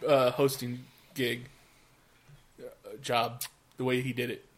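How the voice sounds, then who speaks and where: A man's voice: medium pitch, monotone, takes it slowly. A man hosting a podcast in casual chat, steering topics with many hesitations and frequent laughter. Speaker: podcast host.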